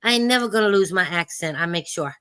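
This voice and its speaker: A woman's voice: lowish voice, animated, quick pace, fairly bright tone, clean tone, no echo. A woman from New York with a Brooklyn Italian accent, chatting bluntly and insistently as a guest on a live call-in show. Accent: Brooklyn Italian-American New York. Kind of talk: casual call-in chat.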